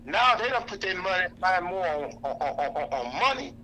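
A man's voice: high voice, very animated, moderate pace, pushed and bright, slight background noise, low-quality recording. A man giving an impassioned, blunt speech to a lunch audience, preaching, quoting scripture and repeating himself for emphasis. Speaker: activist speaker. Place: indoor lunch gathering.

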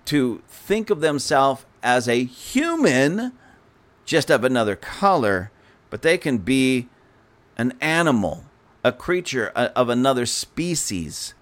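A man's voice: medium pitch, fairly bright tone. A man giving an indignant, sarcastic political commentary rant, speaking scornfully to his audience.

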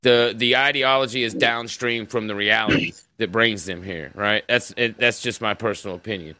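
A man hosting a streamed talk show. His voice is bright and crisp, recorded close and dry with no room sound. He talks loosely and profanely, rambling through his points. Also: fairly low pitch, moderate pace, dry recording. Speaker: podcast host. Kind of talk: casual livestream conversation.

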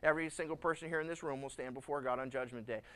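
Animated male pastor preaching a sermon. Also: mid-range voice, very fast. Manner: animated, acts out dialogue.

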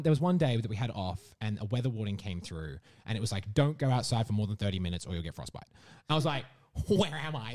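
A young man in his twenties with a mild Australian accent, telling stories in a casual interview and often slipping into the voices of people he quotes. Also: mid-range voice. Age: 20s. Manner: animated, laughing, acts out quoted voices. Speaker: guest performer.

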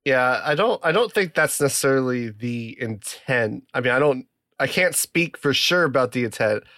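Man, podcast co-host, casual chat, hedging, halting restarts, mid pitch, dry close sound. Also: expressive, pushed and bright, no echo.

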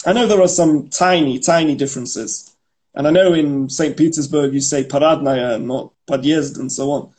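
A man talks casually on a podcast, telling stories and explaining words along the way. His voice sits a little high for a man, with a mellow, unhurried tone. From England (Manchester). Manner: chatty, storytelling, explains idioms. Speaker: podcast co-host. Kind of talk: casual chat.

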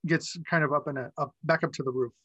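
Man, tabletop game player, hesitant, breathy, dull lo-fi recording. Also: on the high side, fairly even intonation, fast, pushed and bright, no echo. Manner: hesitant, restarting often. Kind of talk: casual tabletop game play.

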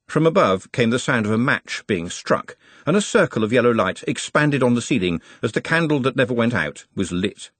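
A man reading a comic novel aloud as an audiobook narrator, in a wry, expressive storytelling manner. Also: medium pitch, moderate pace, no echo. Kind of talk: scripted narration.

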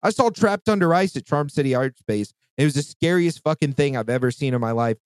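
Profane ranting podcast host, higher voice. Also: male voice, expressive, a little fast, no echo. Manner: profane, heated ranting storyteller. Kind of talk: casual chat.

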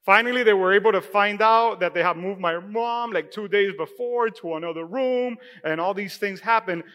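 Inside the church sanctuary, a man's high, ringing, bright voice carries a long echo as he preaches at normal speed. The pastor tells his congregation a personal story casually and conversationally, often saying "you know."

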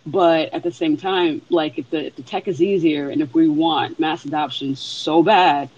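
A man's voice: fairly high pitch, steady tone, moderate pace, darkish tone. A man in a live online audio chat, talking in an earnest, rambling, emphatic way. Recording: muffled remote audio with faint noise.

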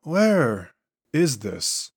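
A man voicing an ancient entity speaking through a possessed man's body, slow, measured and contemptuous. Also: medium pitch, sing-song, husky, no room sound, clean studio sound, full character voice. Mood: cold contempt.

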